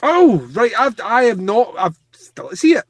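A man's voice: extremely high pitch, sing-song, normal speed, no echo. Blunt, teasing man, dry sound. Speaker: podcast co-host. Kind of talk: casual chat about movies.

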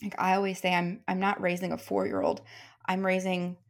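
A woman's voice: lowish voice, sing-song, fairly quick. A woman in her thirties, a guest on a podcast, telling stories in a candid, emotional way and laughing often. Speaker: guest, military commander and leadership coach. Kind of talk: candid conversational storytelling.

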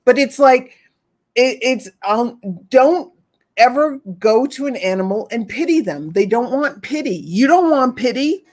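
A woman's voice: on the high side, animated, unhurried, a little mellow. A woman who talks with animals, explaining her work in an earnest, repetitive conversational way. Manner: earnest, repetitive, acts out pitying voices. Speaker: animal communicator guest. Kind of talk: casual conversation.

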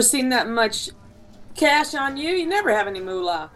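A woman's voice: high-pitched, big pitch swings, normal speed, fairly bright tone. Lady talking old-timey slang in character, sassy, bouncy voice. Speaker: player. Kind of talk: in-character tabletop role-play.

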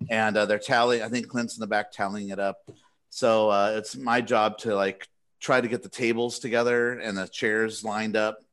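A man's voice: lowish voice, level tone, moderate pace, a bit bright. A man from California hosting a podcast, telling a story in a rambling, self-deprecating way and laughing often. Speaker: podcast host. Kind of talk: casual storytelling among friends.

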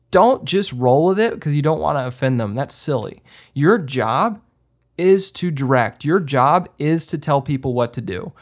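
A man hosting a podcast, giving casual how-to advice in an emphatic way, with lots of ums and restarts. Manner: lively swings up in pitch when stressing a point. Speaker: podcast host and filmmaker. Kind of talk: casual instructional talk.

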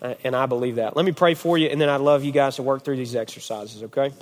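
Animated pastor preaching in a reverberant hall. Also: male voice, medium pitch, fast, hardly any pauses. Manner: animated storytelling, repeated "okay?". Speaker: family pastor. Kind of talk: sermon to a men's group.

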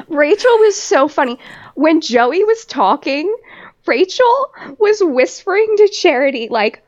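A woman hosts a casual podcast chat, retelling events with lively, giggly storytelling. Her voice sits high. The recording sounds a little dull and lo-fi. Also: slow pace. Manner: animated storytelling, laughs often. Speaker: podcast host.

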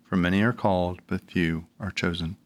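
A man giving a measured, solemn reading of scripture in a liturgical service. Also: deep voice, fairly even intonation. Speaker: scripture reader.

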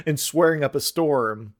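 A man who runs tabletop games, chatting casually on a podcast and often stopping to restart his thoughts. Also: fairly high pitch. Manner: halting, full of restarts. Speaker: tabletop game master.

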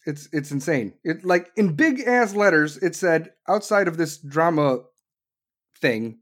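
A man delivering a heated, sarcastic political rant, swearing and bursting out loudly. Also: on the high side, lively intonation, measured pace. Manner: heated, sarcastic, swearing, with sudden loud outbursts.

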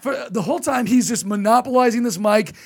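A man's voice: very high voice, brisk. A man, a comedian, telling a rambling story in casual podcast chat, acting out quotes as he goes.

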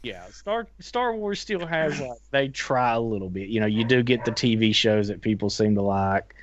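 A man's voice: medium pitch, lively intonation, moderate pace, a little hiss or hum. A man co-hosting a podcast in casual chat, rambling and joking sardonically. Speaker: podcast co-host. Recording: dull, lo-fi.

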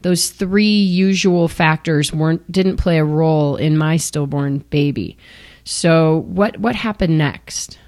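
A woman hosting an interview, asking gentle, probing questions. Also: low-pitched, slow pace. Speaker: interviewer, host.

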